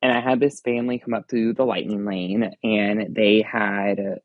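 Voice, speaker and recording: Low-voiced man rambling through a story. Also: fairly even intonation, normal speed, dry recording, narrow, tinny audio. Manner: rambling, leans on fillers like "again" and "like". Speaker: theme park ride operator guest. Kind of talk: casual storytelling in an interview.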